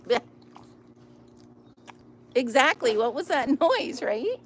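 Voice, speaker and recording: A woman's voice: high voice, sing-song, slow. A woman chatting casually outdoors by a river into a phone, amused and often dropping to a near whisper. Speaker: vlogger. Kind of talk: casual chat. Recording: outdoor recording with loud river noise. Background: flowing river.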